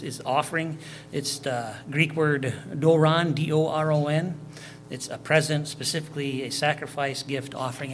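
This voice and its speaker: A pastor preaches a sermon, reading scripture verses aloud and explaining them in plain, conversational terms, with repeats and fillers. His voice is on the high side and a bit bright.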